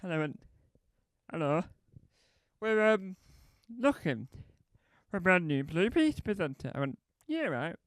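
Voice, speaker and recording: A man's voice: high-pitched, very animated, measured pace, no room sound. A man doing stand-up comedy, telling a meandering anecdote that keeps correcting itself and acting out both sides of conversations.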